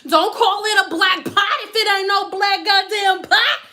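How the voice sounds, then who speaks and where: A woman doing a loud, preachy older lady, high and bright, lays it on thick. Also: fairly even intonation, a little slow, full character voice. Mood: emphatic. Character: blunt outspoken middle-aged woman client.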